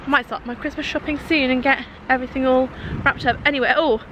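A woman's voice: high voice, fairly even intonation, quick pace, fairly bright tone, slight background noise, low-quality recording. A woman in her thirties chatting casually while vlogging a shopping trip. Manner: chatty, giggly. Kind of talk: casual road trip chat.

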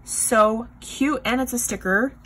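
A woman's voice: a little high, takes it slowly, a little hiss or hum. Gushing woman showing off craft supplies. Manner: gushing, excitable, lots of "like" and "you guys". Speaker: craft video host. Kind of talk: casual show-and-tell chat.

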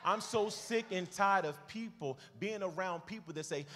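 A male preacher, shouting and repeating phrases, calling out to the congregation. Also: sits high, normal speed, hardly any pauses, slight background noise. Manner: shouting and hollering; swings from loud shouts to soft asides. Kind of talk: sermon. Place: church sanctuary. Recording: long hall reverb.

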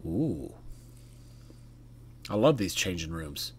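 A man's voice: low voice, big pitch swings, slow, darkish tone, slight background noise. A man casually commentating a horror game as he plays, chatty and jokey, talking back to the characters. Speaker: gaming YouTuber. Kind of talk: casual let's-play commentary.

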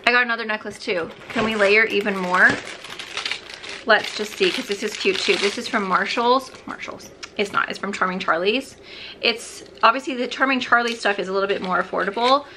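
A woman's voice: medium pitch, brisk, background noise. A young woman vlogging as she gets ready, chatting in a bubbly, rambling way and talking to herself as she goes. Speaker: beauty vlogger. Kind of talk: chatty get-ready-with-me vlog.

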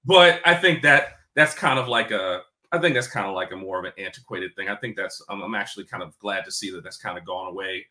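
A man's voice: deep voice, fairly quick, hardly any pauses, pushed and bright, roomy sound. A man in his forties from New York, talking candidly and casually as an interview guest, with a mostly neutral American accent and a faint Black New York tinge. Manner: candid, profane, laughs easily, many fillers.

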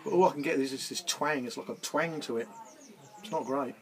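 A man's voice: medium pitch, fairly quick. A man casually reviewing a beer in a rambling, easygoing way, tired after gardening. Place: indoors, with garden party music outside. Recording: faint music in the background. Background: music from back garden.

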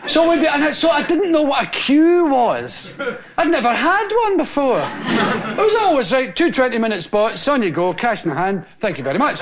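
A Scottish man in his forties, a stand-up comedian telling stories to a live audience and laughing as he acts out the scenes. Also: extremely high pitch. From Scotland. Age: 40s. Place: TV studio with an audience. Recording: noisy old TV recording.

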